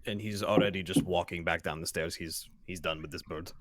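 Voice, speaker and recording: A man's voice: sits low, steady tone, a little fast, noisy background. A man playing his character in a tabletop game, casual and wry. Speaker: player.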